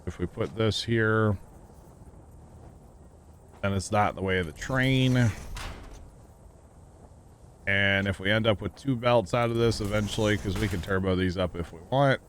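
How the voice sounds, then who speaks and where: A man chatting casually while livestreaming a video game, rambling and joking as he thinks out loud. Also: fairly low pitch, unhurried, long pauses, a little hiss or hum. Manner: rambling, jokey, thinking aloud. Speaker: game streamer. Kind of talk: casual gameplay livestream chat.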